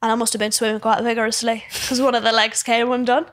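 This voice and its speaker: A woman in her twenties telling embarrassing stories in a casual chat, lively and self-mocking, often laughing. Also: fairly high pitch, fast. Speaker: podcast host.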